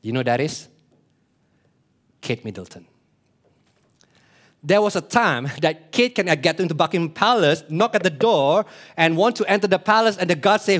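A man's voice: high-pitched, lively intonation, normal speed. A man preaching a sermon, explaining earnestly, repeating key phrases and asking the congregation questions. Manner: plays short voices in his illustrations.

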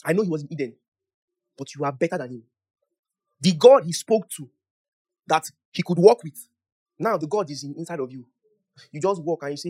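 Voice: mid-range voice, quick pace, long pauses. Preacher teaching and praying in tongues. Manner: conversational, asks the listeners questions, laughs often; prays aloud in tongues, rising in loudness. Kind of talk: sermon and prayer.

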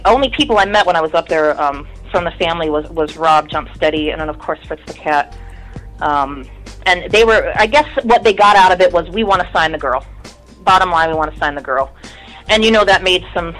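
A woman's voice: fairly low pitch, fairly quick, fairly bright tone, soft background music, low-quality recording. A woman in her thirties, a guest in an interview, telling her story in a candid, rambling way and swearing often.

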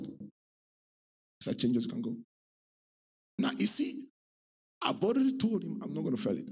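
A man pastor preaching a sermon, swinging between low talk and high, shouted, sung-out lines. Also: sing-song, brisk, pauses often, slightly rough.

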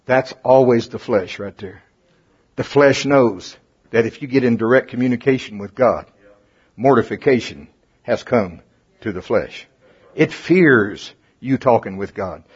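A man preaches to a congregation at a measured pace, folksy and animated, his pitch and volume climbing at the high points. His voice is husky, his mouth is getting dry, and the recording is dull and lo-fi.

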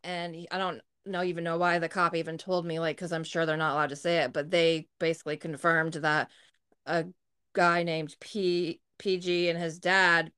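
A woman's voice: on the low side, flat delivery, moderate pace, a bit bright, clear, resonant tone. A woman co-hosting a podcast, telling a personal story in a candid, blunt way and swearing freely. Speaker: podcast co-host. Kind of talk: casual storytelling.

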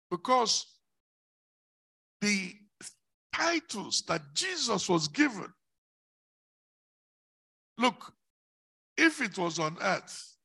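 A man preaching a sermon, slow and declamatory, rising into emphatic shouts on key words. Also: sits high, husky.

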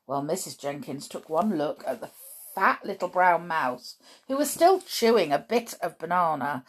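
A woman storyteller reading a children's book chapter aloud and chatting about it afterward in an animated way. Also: fairly low pitch, moderate pace. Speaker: podcast storyteller.

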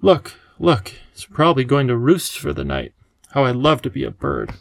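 A wise, playful old professor from a storybook, voiced by a man, gentle and eager to teach. His voice has a gravelly edge and sounds close and dry. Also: mid-range voice, huge pitch swings, moderate pace, dry recording, full character voice. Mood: kindly.

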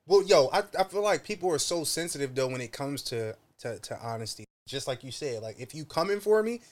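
A man in casual chat, animated, acting out quotes with big jumps in pitch. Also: brisk.

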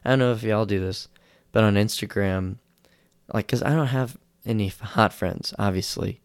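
A young man rambles through a casual podcast story, poking fun at himself. His voice has a gravelly, creaky texture. The sound is close and dry, with no room echo. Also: on the low side, normal speed. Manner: rambling, self-deprecating, acts out quotes in raised voices. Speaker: podcast host.

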